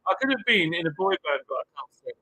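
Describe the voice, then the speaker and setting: A man's voice: fairly high pitch, big pitch swings, quick pace, sharp tone, slight background noise, rough recording. A man co-hosting a live stream, reading viewer comments aloud and joking around in casual banter. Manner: laughing, jokey banter.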